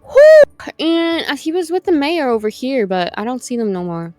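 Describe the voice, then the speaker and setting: A woman's voice: sits high, big pitch swings, brisk, a little mellow, no echo. A woman playing a tabletop game, chatting in character in a casual, drawling way with crude asides. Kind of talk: in-character roleplay chat.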